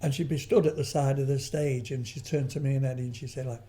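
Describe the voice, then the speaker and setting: An older man chats as an interview guest, his voice mellow and warm. He wanders through anecdotes, restarting sentences and adding asides as he goes. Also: mid-range voice, steady tone, fast. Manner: rambling storyteller, frequent restarts and trailing asides. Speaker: guest, veteran comedian.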